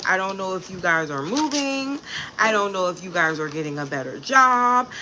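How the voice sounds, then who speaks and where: Woman, tarot reader, bright tone, blunt, cusses, chatty, faint background noise. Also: mid-range voice. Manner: blunt, profane and animated, with chatty asides. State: pregnant. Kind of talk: casual tarot reading to camera.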